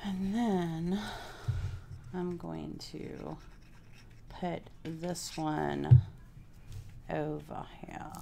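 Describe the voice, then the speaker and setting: A woman's voice: low voice, fairly even intonation, extremely slow, creaky, long pauses, dark tone, a little hiss or hum. A woman from Texas, chatting casually with live viewers while she works on a craft project and thinks aloud. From Houston, Texas. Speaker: craft vlogger.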